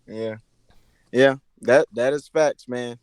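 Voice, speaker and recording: A young man hosting a casual podcast chat, telling stories in an animated, slangy way. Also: mid-range voice, slow, clear, resonant tone, dry recording. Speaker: podcast host.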